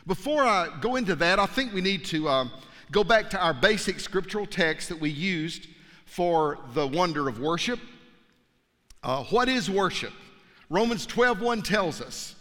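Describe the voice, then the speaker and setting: A man preaching a sermon, telling a story with animated energy and stumbling repeats. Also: high voice, unhurried. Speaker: pastor. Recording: long hall reverb.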